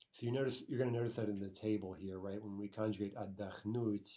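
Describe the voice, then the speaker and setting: Guy teaching grammar, lowish warm voice, keeps saying right and okay, slows way down for example words. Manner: explanatory, frequent "right?" and "okay"; slows to spell out Russian word forms. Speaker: language teacher. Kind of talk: recorded grammar lesson.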